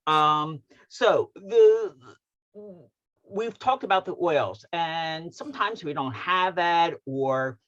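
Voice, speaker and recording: A man's voice: a little high, lively intonation, slow pace, a bit bright, lo-fi sound. A man co-hosting an online wellness talk, upbeat and affirming. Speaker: co-host.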